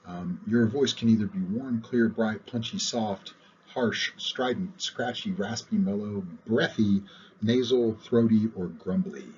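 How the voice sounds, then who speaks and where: Brief: low-voiced male lecturer, chatty with many pauses, on a muffled recording with light hiss. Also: darkish tone. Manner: conversational, stops often with "uh". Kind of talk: recorded lecture on public speaking.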